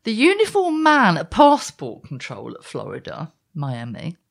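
A woman's voice: on the low side, huge pitch swings, a little slow, creaky. A woman in her fifties, co-hosting a casual chat and telling self-mocking stories in a wry way. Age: 50s. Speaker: podcast co-host.

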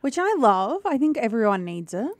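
A woman's voice: fairly high pitch, very animated, moderate pace, no room sound, clean studio sound. An Australian woman co-hosting a podcast, telling chatty stories and laughing often. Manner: chatty storytelling with frequent laughter. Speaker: podcast co-host. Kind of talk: casual chat.

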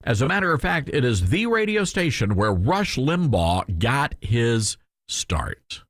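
A man's voice: medium pitch, very animated, measured pace, a bit bright, no room sound. A male talk radio host with a Southern US accent, telling a rambling story full of fillers and restarts into a studio microphone.

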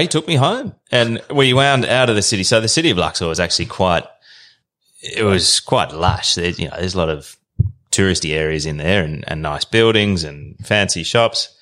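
A man's voice: lowish voice, a bit bright. An Australian man in his thirties, a podcast guest spinning a long rambling travel yarn in an easygoing way. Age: 30s. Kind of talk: casual storytelling.

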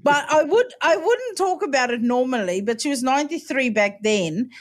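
A woman's voice: sits high, animated, normal speed. A woman in her forties with a South African accent, Afrikaans her first language, hosting a casual podcast chat in a blunt, profane way. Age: 40s. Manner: blunt and profane, laughs often. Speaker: podcast host.

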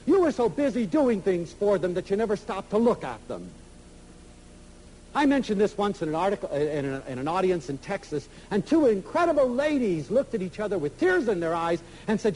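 A man giving an emotional, storytelling lecture to an audience, swinging from loud to soft. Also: high-pitched, very animated, a little fast, a little hiss or hum, rough recording.

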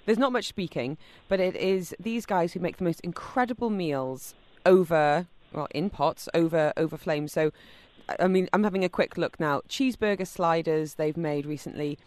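A woman's voice: fairly low pitch, normal speed, a little mellow. A woman hosting a radio chat show, talking with gushing enthusiasm about food and camping.

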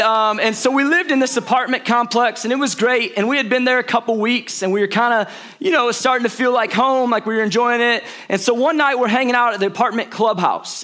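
Before a congregation in a church auditorium, a young St. Louis, Missouri, pastor delivers a sermon full of chatty stories and playful asides. His high-pitched voice sounds pushed and bright.

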